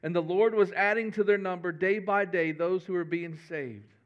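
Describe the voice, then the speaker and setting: A man's voice: high-pitched, moderate pace, muffled recording. A man, a pastor giving a folksy, conversational sermon with humor.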